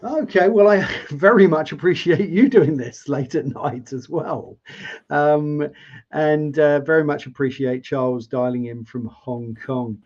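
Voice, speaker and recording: A man's voice: fairly high pitch, unhurried, a little mellow. A man hosting a live interview show, asking long, rambling questions in a chatty way over a video call. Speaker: host. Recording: dull lo-fi sound.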